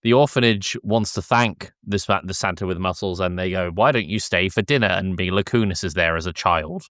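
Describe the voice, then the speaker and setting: A man co-hosting a podcast, retelling a film scene by scene in casual chat, laughing often and slipping into quick voices for the characters. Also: low voice, fairly bright tone, no echo, clean studio sound. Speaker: podcast co-host.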